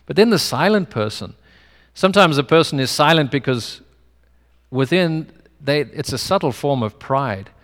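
A man's voice: fairly high pitch, animated, normal speed, a bit bright. A male pastor with a non-American English accent gives a conversational sermon full of personal stories. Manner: conversational preaching with personal anecdotes. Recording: long hall reverb.

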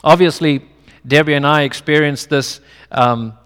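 A man's voice: a little high, fairly even intonation, a little slow, fairly bright tone, smooth. A male pastor with a non-American English accent gives a conversational sermon full of personal stories. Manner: conversational preaching with personal anecdotes. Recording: long hall reverb.

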